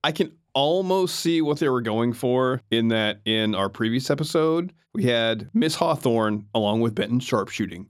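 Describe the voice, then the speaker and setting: A man's voice: mid-range voice, no room sound, clean studio sound. A man co-hosting a podcast, chatting animatedly and laughing often. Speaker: podcast co-host. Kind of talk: casual chat reviewing a TV serial.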